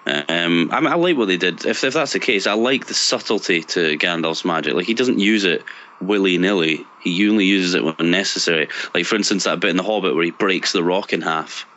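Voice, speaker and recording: Deep-voiced British man, laughing chat. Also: a little fast, a little hiss or hum. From Britain. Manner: laughs often, animated storytelling. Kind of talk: casual chat. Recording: dull lo-fi sound.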